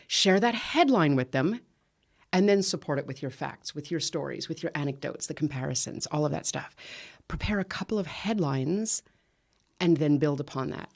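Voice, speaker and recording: A woman talking as a guest on a podcast, explaining communication advice with lively storytelling. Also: low voice. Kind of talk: podcast conversation.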